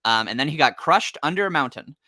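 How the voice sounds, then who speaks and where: Bright, dry young man rambling through a recap. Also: fairly high pitch, lively intonation, fast, no room sound. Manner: rambling, sarcastic storytelling with acted asides. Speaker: podcast co-host. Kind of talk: casual comic recap chat.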